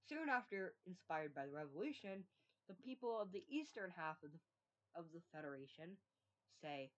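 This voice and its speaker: A woman's voice: lowish voice, very animated, moderate pace, fairly bright tone. A young woman casually narrating the history of a made-up world, rambling, joking and acting out quotes in silly voices. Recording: dull lo-fi recording.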